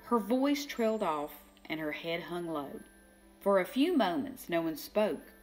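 Older lady reading kids a storybook, slow, pitch jumping all over, faint music behind. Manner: slow, lively voices for each character. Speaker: children's book reader. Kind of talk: storybook read-aloud.

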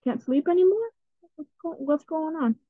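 Woman talking over her game, kinda scaredy and rambly, highish voice, tinny phone sound. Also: lively intonation, moderate pace, dry recording. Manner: chatty and jittery, repeats herself, gets easily scared. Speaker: gaming channel host. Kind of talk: casual gameplay commentary.

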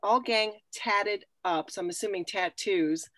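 A woman's voice: medium pitch, measured pace, fairly bright tone, no room sound. Woman reading a note on a call. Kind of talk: reading aloud on a video call. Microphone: video call.

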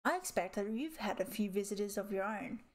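A woman's voice: expressive, a little fast, lightly acted. A woman voicing a huge scarred male tabby cat who leads rogues, speaking in a smug, mockingly polite purr. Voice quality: low raspy purr.

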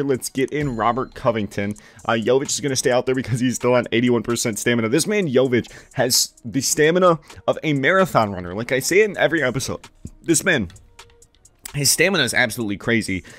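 A man's voice: medium pitch, fairly bright tone. A young man giving play-by-play commentary while playing a basketball video game at home, hyped and swearing, calling plays like a broadcaster. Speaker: gaming YouTuber. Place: home room, worried about neighbors.

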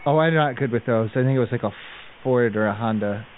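A man's voice: medium pitch, fast, soft background music. A man making a prank phone call, hesitant and mock-concerned. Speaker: prank caller. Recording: phone line.

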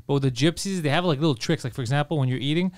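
A man's voice: on the high side, racing, no echo. A man co-hosting a casual comedy podcast, telling brash, profane stories and acting out both sides of them on a studio mic. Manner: brash storyteller, swears a lot, acts out both sides. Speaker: podcast co-host.

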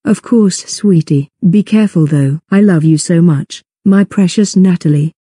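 Woman doing a strict scolding cartoon mom, low, very dark and husky. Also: moderate pace, dry recording, clean studio sound. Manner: stern, scolding.

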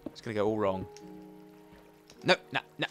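A young man giving rambling, excitable let's play commentary as a gaming YouTuber. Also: on the low side, normal speed, faint music behind. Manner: rambling, restarts often, excitable outbursts.

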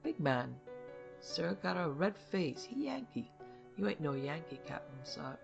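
A woman voicing a nervous, ragged old man on a mule, speaking slowly in a high voice with rustic broken grammar. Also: big pitch swings, creaky, muffled recording, over music, exaggerated voice. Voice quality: slow high voice.

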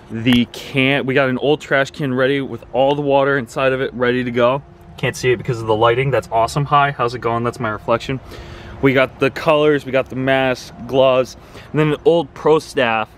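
Young male vlogger, relaxed and chatty, camera mic, mid-pitch voice. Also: a little hiss or hum. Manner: chatty, thinks aloud while choosing. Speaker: tennis vlogger. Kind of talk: casual vlog narration.

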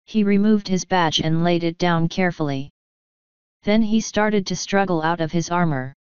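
A woman narrating an audiobook in a steady, measured reading. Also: lowish voice, clear, resonant tone, dry recording, lo-fi sound.

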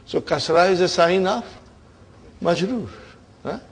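A man's voice: sits high, unhurried, breathy edge. A man teaching grammar in a classroom lecture, emphatic and often checking in with his listeners.

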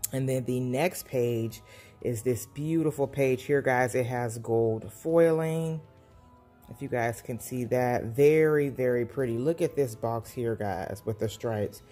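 A woman's voice: a bass voice, takes it slowly, dark tone, faint music behind. Gushing woman reviewing stickers. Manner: gushing, enthusiastic, repeats praise. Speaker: planner vlogger. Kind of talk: casual product review.

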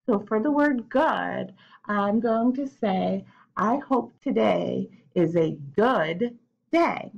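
A woman teacher talks to young children at a careful, unhurried pace. She stretches out each letter as she spells, and she keeps inviting the kids to say the words along with her. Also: mid-range voice, lively intonation, creaky, dull audio. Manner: slow, drawn-out spelling and sounding out of letters; encouraging, prompts children to repeat after her. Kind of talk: remote lesson for young children.

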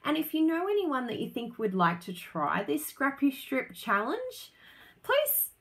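A woman's voice: sits high, wildly swooping pitch, measured pace. A woman hosting a casual live stream, bubbly and chatty, laughing often as she talks to viewers. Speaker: craft business host.

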